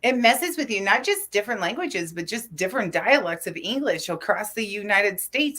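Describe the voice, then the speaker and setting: A woman's voice: mid-range voice, a bit bright. A woman in her forties from New Mexico, co-hosting a casual chat show and telling rambling, tangent-filled stories. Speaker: co-host.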